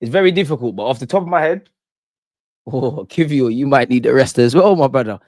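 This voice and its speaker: A man's voice: mid-range voice, brisk, dry recording. Brief: young male host, fired-up live reaction rant, slang and swearing, dry close sound. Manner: excitable, slangy, swears, reads chat aloud. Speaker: football fan channel host. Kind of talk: live post-match reaction stream.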